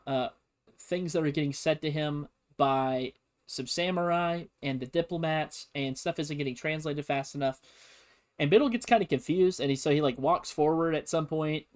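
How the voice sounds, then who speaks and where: A man casually teaching history on a stream, rambling and joking with lots of fillers. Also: fairly high pitch. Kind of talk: casual comedic history lesson.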